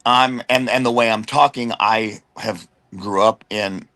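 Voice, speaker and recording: Storytelling in a relaxed chat, a middle-aged American wrestler guest speaks with a voice on the low side. He is lively and slangy, often dropping into brief impressions of people.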